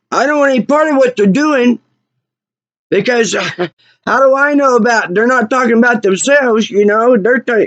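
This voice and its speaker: A woman's voice: a little high, no room sound. A woman angrily retelling an incident, repeating herself, her voice rising. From Oklahoma. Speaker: vlogger. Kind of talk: angry personal retelling of an incident. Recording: muffled lo-fi recording.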